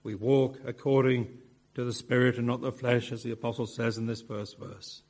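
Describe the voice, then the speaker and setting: A man preaching an expository sermon, with measured phrasing and emphatic repetition. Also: medium pitch, flat delivery, a little mellow.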